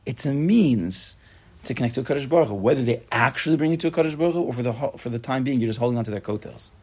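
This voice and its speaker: Husky fast-talking rabbi teaching a class. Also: male voice, mid-range voice. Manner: quick, animated, chatty with students. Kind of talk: informal Torah class.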